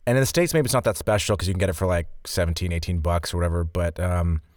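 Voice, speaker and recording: A man's voice: deep voice, fast talker, no echo, clean studio sound. A man co-hosting a podcast, easygoing and joking, rambling a little as he talks. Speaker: podcast co-host. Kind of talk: casual chat.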